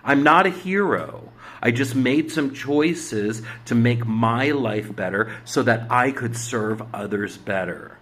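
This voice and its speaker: A man hosting a spiritual astrology talk, giving blunt, preachy exhortations with swearing, swinging from loud urging to hushed asides. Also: medium pitch, slow, few pauses. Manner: commanding exhortations. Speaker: spiritual astrology show host. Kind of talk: emphatic motivational monologue.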